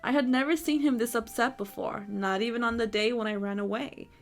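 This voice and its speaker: Woman reading a sharp-tongued rich young man. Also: fairly high pitch, fairly even intonation, brisk, lightly acted. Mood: sulky. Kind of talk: reading a visual novel aloud.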